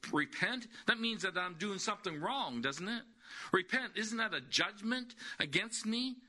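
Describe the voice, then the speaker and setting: A man's voice: high voice, animated, normal speed, pushed and bright. A man preaching a sermon, emphatic, repeating key words and asking rhetorical questions.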